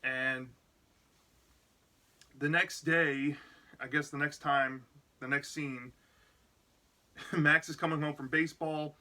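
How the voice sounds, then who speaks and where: A man with a strikingly bright, sharp-edged voice that sits a little high for a man. He runs through a plot recap in a loose, casual way, piling on "like" and "you know" as he goes. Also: steady tone, slow, long pauses. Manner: rambling, full of "like" and "you know". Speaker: book reviewer.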